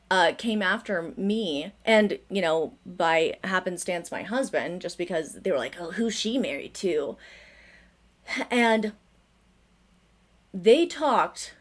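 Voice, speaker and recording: A woman vlogger telling a story in an animated, emphatic way. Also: lowish voice. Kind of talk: commentary vlog.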